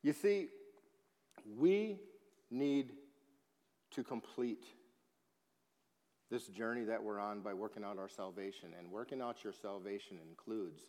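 Pastor, male, slow deliberate sermon delivery, mid pitch, long reverb of a church hall. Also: darkish tone. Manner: slow, emphatic preaching with swells in volume. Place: church sanctuary.

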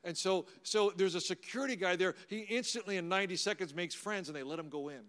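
Speaking quickly in a high-pitched voice, a middle-aged pastor shares personal stories during a sermon. The talk is conversational and anecdotal with warm humor, and a large hall gives it a long reverb.

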